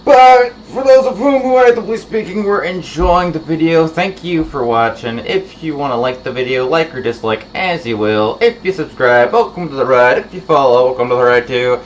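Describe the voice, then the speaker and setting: A man's voice: animated, moderate pace, hardly any pauses, slight background noise. Rambling man on a muffled stream mic. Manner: rambling, chatty, drifting into low mumbled asides. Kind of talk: casual game stream commentary. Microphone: home streaming microphone.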